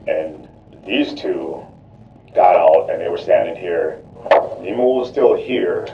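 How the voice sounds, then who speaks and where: A deep-voiced man gives a rambling, repetitive account during a police interrogation, circling back on himself with constant "you know, like". He sounds distant from the microphone in an echoey room on a lo-fi recording. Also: expressive, slow. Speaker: murder suspect under questioning.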